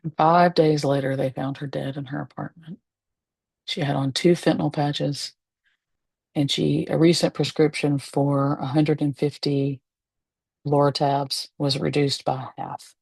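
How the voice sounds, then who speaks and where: A woman, a medium and spiritualist, telling a personal story to the camera from her home, candid and emotional, pausing and laughing softly. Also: low voice, little pitch movement, creaky, breathy edge, no room sound. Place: at home, seated in a rocking chair.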